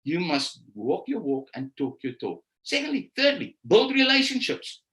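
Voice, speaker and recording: A man giving a motivational talk to teachers, repeating his key phrases and slowing down to stress them. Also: on the high side, wildly swooping pitch, fairly bright tone. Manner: preachy, repeats key phrases, slows down for emphasis. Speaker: conference speaker. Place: live stream session.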